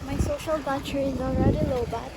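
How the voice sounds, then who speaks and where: A young woman speaking in a shy, halting way. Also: high-pitched, expressive. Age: young adult. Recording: loud noise over the voice.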